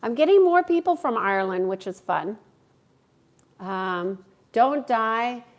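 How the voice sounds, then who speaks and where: Woman doing a live q&a on her stream, kinda high voice, chatty and friendly, greets everyone. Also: animated, slow. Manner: warm, chatty, greets viewers by name. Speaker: livestream host and coach.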